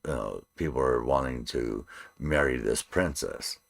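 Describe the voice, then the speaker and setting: A man's voice: rumbling low, a little slow, vocal fry. A man co-hosting a podcast, speaking bluntly in casual chat, retelling scenes and answering with short agreeing replies. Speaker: podcast co-host.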